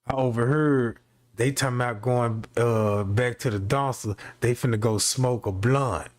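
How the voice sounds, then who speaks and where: A man voicing a wary male coworker who hesitantly reports a colleague, in a much lower voice than his own. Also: fairly even intonation, unhurried, natural voice. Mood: cautious.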